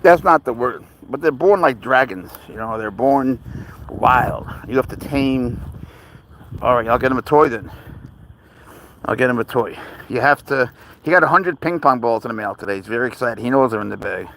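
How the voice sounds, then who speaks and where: A man's voice: mid-range voice, lively intonation, normal speed, creaky, a bit bright, a little hiss or hum, rough recording. A man hosting a casual live stream outdoors on a walk with his cat, rambling easily through viewer questions and baby-talking his pet. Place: outdoors on a walk near a road.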